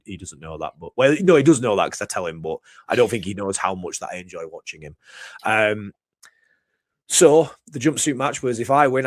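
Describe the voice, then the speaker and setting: Lively young man telling a rambling story. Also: low voice, no echo, clean studio sound. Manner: animated, rambling anecdote with self-deprecating humor. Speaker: wrestler guest. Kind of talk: casual storytelling chat.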